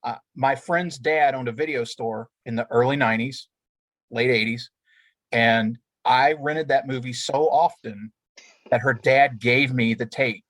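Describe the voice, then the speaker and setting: A man's voice: medium pitch, steady tone, a little slow, fairly bright tone, no echo. A man who is a podcast guest, speaking earnestly and reminiscing. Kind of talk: casual chat.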